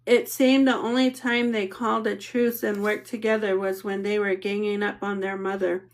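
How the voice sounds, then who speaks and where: A woman narrating an audiobook in a steady, matter-of-fact reading. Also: medium pitch, moderate pace.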